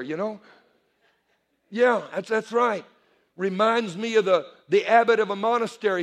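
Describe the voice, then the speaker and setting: A male pastor preaching a sermon to a congregation in church, animated and building to shouted calls for response. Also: sits high.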